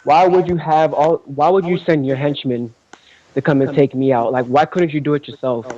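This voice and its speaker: A man's voice: on the high side, fairly even intonation, moderate pace, a crowd in the background. Confrontational man on a dull call. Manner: confrontational, pressing questions.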